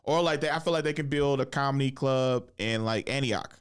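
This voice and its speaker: Profane rambling comedian host, thirties. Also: male voice, medium pitch, a little fast, clean tone. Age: 30s. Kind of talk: casual podcast chat. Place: podcast studio.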